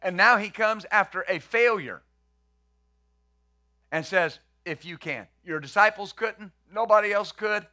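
A man's voice: high-pitched, measured pace, pauses often, sharp tone. A male pastor preaching a conversational sermon, acting out the quotes he reads and the questions he poses.

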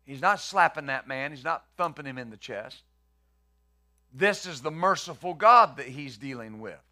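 A man's voice: mid-range voice, animated, moderate pace, pushed and bright. A male pastor preaching a conversational sermon, acting out the quotes he reads and the questions he poses.

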